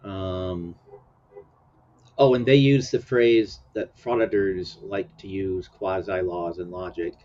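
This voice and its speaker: Here a man hosts a laid-back commentary chat, meandering with fillers and frequent chuckles. His low, darkish voice keeps a steady tone at a slow pace, captured on dull lo-fi audio with a little hiss or hum.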